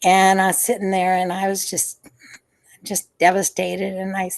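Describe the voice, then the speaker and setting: An older woman who used to be a nurse looks back on her life in a video-call interview. Her medium-pitched voice is gravelly and monotone, and she speaks unhurriedly, hesitating often with lots of fillers, restarts and soft sighs.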